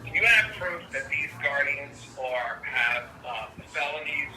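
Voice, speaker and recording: A man's voice: on the high side, animated, measured pace, crowd noise, low-quality recording. A male attorney in a heated call, insistently repeating himself to get a word in. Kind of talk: heated phone argument.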